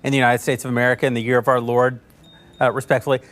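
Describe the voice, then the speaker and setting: A man's voice: medium pitch, level tone, racing, fairly bright tone. A man giving earnest commentary as a panel guest, restarting and qualifying as he goes.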